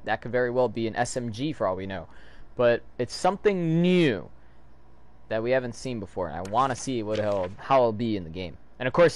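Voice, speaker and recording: A man giving excitable, casual reaction commentary while reading a comic aloud, throwing in loud sound effects. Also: mid-range voice. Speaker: video host reading a comic.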